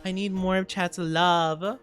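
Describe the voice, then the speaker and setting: A young adult woman streamer, tired and low on sleep, chatting casually and greeting her chat. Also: steady tone, slow pace. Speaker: VTuber streamer.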